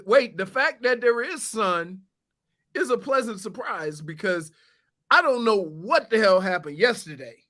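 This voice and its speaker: A man's voice: high-pitched, animated, a little slow, bright, forceful tone, reverberant. A man co-hosting a sports radio show, rambling and thinking aloud in casual banter. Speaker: radio co-host.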